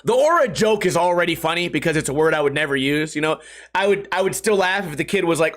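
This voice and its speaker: A man with a fairly high voice hosts his own podcast and tells a long story as a casual rant. He swears freely and acts out the people he quotes with comic voices. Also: fast, a bit bright. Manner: profane, comedic. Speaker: podcast host.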